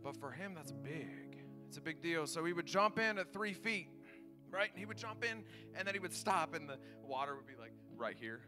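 A man preaching a sermon, telling stories with animated enthusiasm. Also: fairly high pitch, moderate pace, over music. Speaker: pastor.

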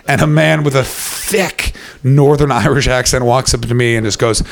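A man from Canada doing stand-up comedy, telling a story to a live audience and acting out other people's lines in quick voices. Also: medium pitch, creaky. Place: stage before a live audience.

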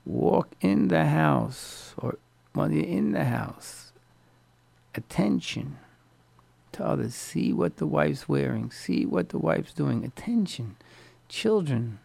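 A man delivers a storytelling sermon as a rabbi, leaning on repetition and dropping in Yiddish and Hebrew terms. His voice is gravelly and full of fry and sits a little high. The recording is close and dry, with no room sound. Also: expressive, takes it slowly, darkish tone, no echo.

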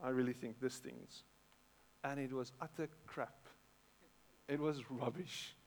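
A middle-aged man with a South African accent, preaching a sermon in a conversational way, repeating words and breaking into animated bursts. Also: medium pitch, a little slow. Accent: South African English. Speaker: pastor. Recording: long hall reverb.

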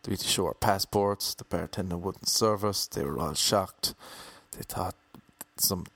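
An Irish man with a fairly low voice tells a rambling, comic story from his travels, loose and jokey in tone. He keeps it casual and chatty, popping into quick mock voices along the way. The sound is dry and close, with no room in it. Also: a bit bright, breathy edge, dry recording. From Ireland.

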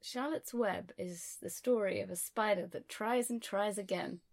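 Dry, playful woman with a creaky voice. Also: medium pitch, a little slow. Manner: playful absurd questions, dry delivery. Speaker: podcast co-host. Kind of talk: improvised comedy podcast banter.

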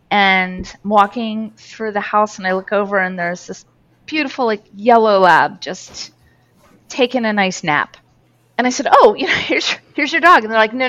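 A woman talking casually about her work with dogs, telling her story with animated, acted-out quotes. Her voice sits at a middle pitch. The audio sounds dull and muffled, like a lo-fi recording. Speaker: dog behavior professional. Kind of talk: casual podcast chat.

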